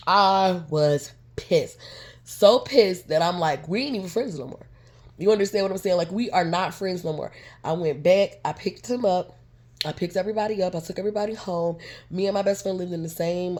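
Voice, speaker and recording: Young woman vlogger, lower voice, animated storytime delivery, plays out every quote. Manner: animated, chatty, acts out quotes. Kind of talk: casual storytime.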